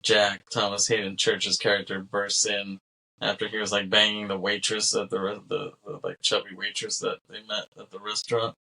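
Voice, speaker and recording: A man hosting a casual movie podcast, relaxed and laughing often as he recaps scenes. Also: fairly low pitch, moderate pace, creaky. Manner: laid-back, laughs often, acts out quoted lines. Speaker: podcast host.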